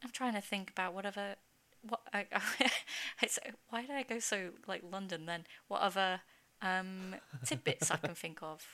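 Bright, chatty woman podcast guest. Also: mid-range voice, fairly even intonation, normal speed, hardly any pauses. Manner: chatty, self-mocking, laughs often. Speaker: guest, game producer. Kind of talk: casual podcast chat.

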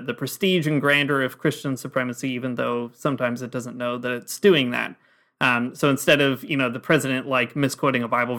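A man co-hosting a podcast with an ordinary mid-pitched voice. He walks through his ideas in a thoughtful, explanatory way, keeping the tone relaxed and conversational. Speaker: podcast co-host. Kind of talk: casual podcast chat.

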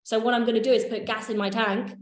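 Slightly high, flat, and quick, this workshop leader's voice bounces around an echoey room. She keeps things chatty and informal, swearing offhand while checking that people understand.

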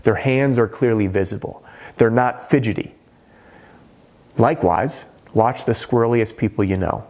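A man's voice: fairly low pitch, normal speed, a little mellow. A middle-aged man coaching on roofing sales, talking energetically and shifting his tone and pace to make his points. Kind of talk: coaching monologue to camera.

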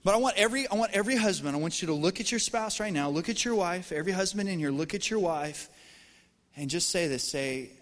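American pastor preaching in an echoing hall. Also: male voice, high-pitched, quick pace. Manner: animated, conversational preaching with jokes. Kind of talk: sermon. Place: church auditorium. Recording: long reverb from a church hall.

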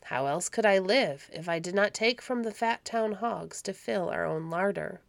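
A woman reading the lines of a fierce, gruff medieval robber baron in a storybook reading. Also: mid-range voice, moderate pace, no room sound, lightly acted. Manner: gruff, dismissive.

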